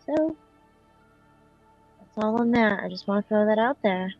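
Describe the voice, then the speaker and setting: A woman in casual chat, joking with a deadpan, sarcastic manner. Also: mid-range voice, measured pace, dry recording. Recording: dry muffled lo-fi with faint music.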